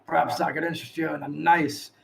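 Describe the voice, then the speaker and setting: A gravelly old widowed shopkeeper, put on by a man running a tabletop game, drawling his words out slow and folksy. He sounds gruff and evasive, pitched a touch above the man's usual voice. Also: little pitch movement, slight background noise.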